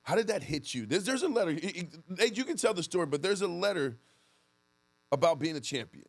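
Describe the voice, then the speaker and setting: A man co-hosting a podcast, a former teammate, asking questions in an excited, teasing way. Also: high voice, a little fast, creaky, no room sound. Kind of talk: casual interview questions.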